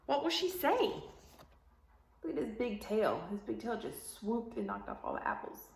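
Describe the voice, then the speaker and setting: A woman teacher reads a picture book aloud to young children in a sing-song, coaxing way and stops often to ask them questions. Her voice sits fairly high and moves up and down a lot. The room gives it a noticeable echo. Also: huge pitch swings, moderate pace, vocal fry.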